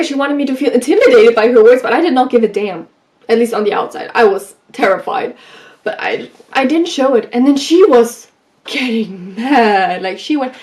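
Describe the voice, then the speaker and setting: A woman vlogger giving advice in a casual, animated way, telling stories from her school days and acting out what people said. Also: fairly high pitch. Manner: animated, acts out quoted lines. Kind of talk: casual storytelling advice vlog.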